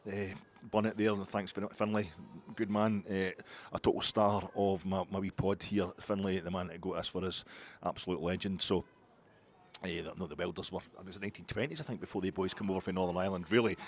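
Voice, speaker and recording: A man's voice: sits low, fairly even intonation, fairly quick, a little hiss or hum. A middle-aged man with a Glasgow accent, chatting on his own fan podcast in a rambling, digressive, sweary way. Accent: Scottish, Glasgow. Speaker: podcast host. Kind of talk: solo fan podcast chat. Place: outdoors in the cold.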